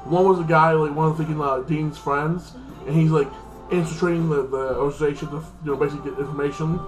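A man's voice: fairly high pitch, steady tone, fast talker, roomy sound, soft background music, low-quality recording. A man hosting his own channel, recapping a TV episode in a casual, rambling way, full of fillers. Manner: rambling, heavy with fillers like "like" and "freaking". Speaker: channel host reviewing a TV episode.

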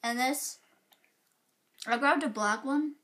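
Young woman, high-pitched, casual vlog chat, nervous, giggly. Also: takes it slowly, fairly bright tone. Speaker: vlogger.

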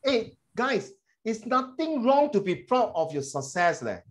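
A middle-aged man, a teacher giving animated, emphatic feedback to his class and slipping into Mandarin phrases. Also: high-pitched, measured pace.

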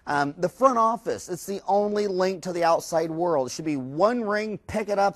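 A middle-aged man giving a course lecture to dentists, animated and quick to act out staff and patients. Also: high voice, no room sound. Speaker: dental practice lecturer.

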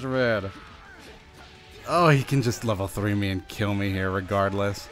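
Over faint background music, a young gaming channel host narrates his own fighting-game match at a measured pace. He sounds anxious, pleading with himself, his pitch leaping up and down.

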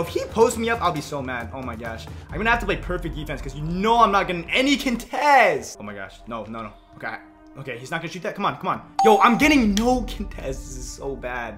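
A young man giving excitable live commentary on his own video game match, reacting loudly to each play. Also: fairly high pitch. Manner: excitable, reacts loudly to plays, frequent "yo" and "literally". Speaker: gaming YouTuber.

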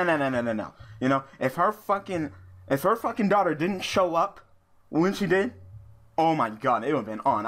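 A man's voice: a little high, a bit bright. A man telling a profane, ranting story while commentating a card game he is playing. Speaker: gaming YouTuber. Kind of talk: venting commentary over card game play.

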